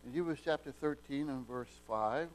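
A man preaching a sermon in a folksy, homespun way, often restarting and repeating words and swinging from soft asides to loud, emphatic peaks. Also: mid-range voice, moderate pace, a little hiss or hum, low-quality recording.

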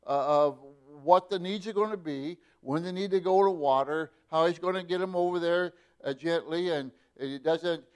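Middle-aged pastor guy giving a sermon, slow and rambling with lots of uhs, smooth voice. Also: a little high. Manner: unhurried, repeats words and restarts, uses many fillers.

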